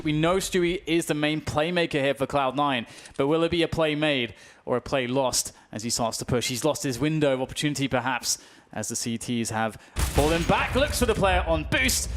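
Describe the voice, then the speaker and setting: Excitable British esports commentator man. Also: medium pitch, noisy background. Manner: calm analysis that bursts into excited shouts on big plays.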